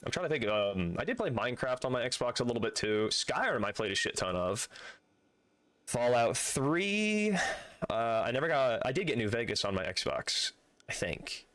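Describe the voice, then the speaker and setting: A man's voice: medium pitch, lively intonation, brisk, a bit bright, no room sound. A man streaming a video game live, chatting casually with viewers and swearing freely as he plays.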